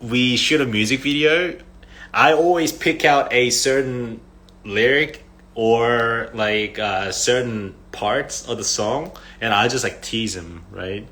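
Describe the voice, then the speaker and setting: Speaking slowly in a bright, forceful, medium-pitched voice, a young man rambles through stories for fans on his phone livestream. He laughs often and fills his talk with "like."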